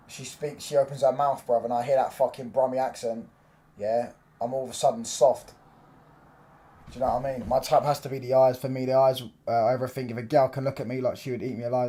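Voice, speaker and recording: A young man, chatting casually on a football watchalong stream, swearing freely and breaking into loud reactions to the match. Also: mid-range voice. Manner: loose, swearing banter, reacts loudly to the match. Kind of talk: casual live-stream chat.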